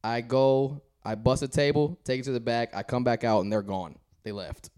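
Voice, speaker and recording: A man telling a casual story on a podcast, animated and laughing as he goes. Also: mid-range voice, normal speed, clean tone. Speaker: guest on a podcast.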